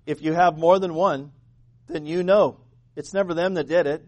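High-voiced joking pastor, a man. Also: normal speed, lo-fi sound. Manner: animated, joking, asks the congregation questions. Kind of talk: sermon.

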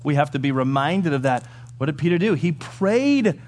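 A man preaching a sermon, animated and full of rhetorical questions, swinging between loud emphasis and quiet low asides. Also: fast, slight background noise. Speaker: pastor.

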